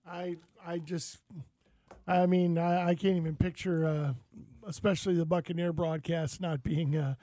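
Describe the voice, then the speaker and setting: A man's voice: fairly high pitch, moderate pace, dry recording. A man hosting a casual sports and outdoors radio show, telling stories and acting out what people said. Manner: lively storyteller, acts out quotes.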